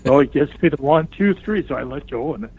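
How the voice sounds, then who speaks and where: An older man recounts a story in a relaxed interview. He acts out the voices of the people in it and keeps breaking into laughter. His voice comes through thin and tinny, as if over a phone line. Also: on the high side, a little fast. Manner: animated storyteller who acts out the other people's lines; laughs often while telling the story. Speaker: wrestling guest telling a story. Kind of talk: casual anecdote in a remote interview.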